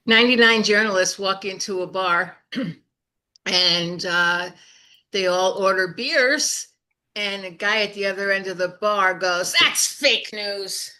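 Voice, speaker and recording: A woman in an improv group, telling short bar jokes slowly and deliberately. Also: medium pitch, bright, forceful tone. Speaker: improv player. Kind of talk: telling one-line joke setups.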